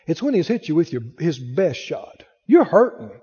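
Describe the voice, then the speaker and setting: A man's voice: on the high side, very animated, normal speed, warm tone, husky, in a large hall, dull audio. A man preaching a sermon, telling a personal story and acting out the voices in it.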